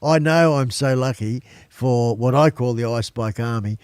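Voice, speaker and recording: An Australian man talks to his live-stream viewers from a small home studio, rambling along and calling them folks. His voice sits at an everyday middle pitch. The sound is dry and close, with no room echo. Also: moderate pace, a little mellow, clear, resonant tone. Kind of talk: casual live-stream chat.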